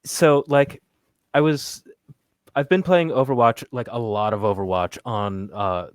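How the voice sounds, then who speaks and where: Man host from New York, New York accent, mid-pitched, rambling and casual, dry close mic. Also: fairly even intonation, a little slow, smooth, no room sound. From New York City area. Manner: loose and rambling, many "like"s and restarts, reads chat questions. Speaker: podcast host. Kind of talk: casual podcast chat.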